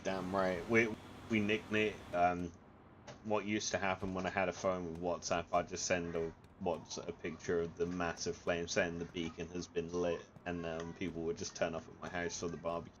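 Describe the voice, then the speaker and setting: Very low-voiced guy, rambling chatty stories to his mates, lots of ums and restarts. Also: little pitch movement, a bit bright, a little hiss or hum. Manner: rambling, halting with fillers and restarts, laughs through his stories. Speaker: gamer chatting with friends on voice chat. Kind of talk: casual storytelling.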